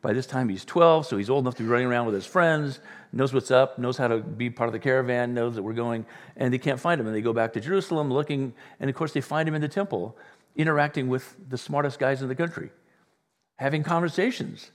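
A middle-aged male pastor delivering a sermon, telling stories with lively quoted voices. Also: medium pitch, quick pace. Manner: animated storytelling with quoted voices. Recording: church hall with long reverb.

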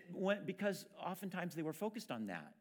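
A man preaching a sermon as pastor, talking in a conversational way with frequent restarts. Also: high voice.

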